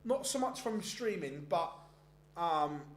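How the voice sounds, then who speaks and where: A man's voice: a little high, lively intonation, slow pace. A man hosting a darts stream, chatting casually and rambling with frequent restarts between bits of live commentary. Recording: roomy echoey sound.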